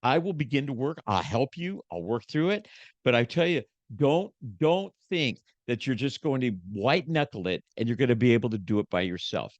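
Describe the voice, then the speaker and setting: A man speaking in a mid-range voice, sharing a hard personal story with the rhythm of a preacher. He drops to near whispers, then builds to forceful emphasis. The recording is dry and close, with no room sound. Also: medium pitch, sing-song, moderate pace, no echo, lo-fi sound. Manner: preacher-like, swinging from hushed to emphatic. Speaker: podcast guest, motivational speaker. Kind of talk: emotional personal testimony.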